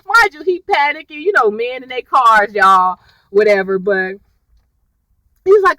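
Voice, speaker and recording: A woman's voice: high voice, far from the mic, rough recording. Chatty woman recapping a TV episode. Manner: chatty and animated, lots of slang and y'all; acts out characters' lines in exaggerated quick voices. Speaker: TV recap vlogger.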